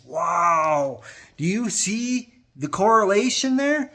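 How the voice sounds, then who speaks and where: A man's voice: fairly high pitch, animated, slow, husky. A man preaching an informal gospel message, earnest and urging, often repeating his phrases to drive them home. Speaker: street preacher.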